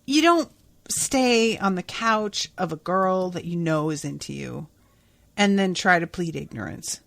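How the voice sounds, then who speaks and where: Woman podcast host, unhurried and blunt, candid cursing, dry close-miked sound. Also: on the low side, expressive, vocal fry, fairly bright tone, no room sound. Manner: chatty, blunt, swears freely. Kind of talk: casual episode recap.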